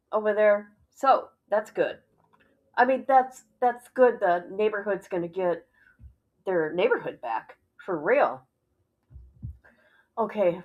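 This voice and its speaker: A woman's voice: medium pitch, dull audio. A woman hosting a livestream, giving casual reaction commentary, often exclaiming and laughing in disbelief. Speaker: livestream host.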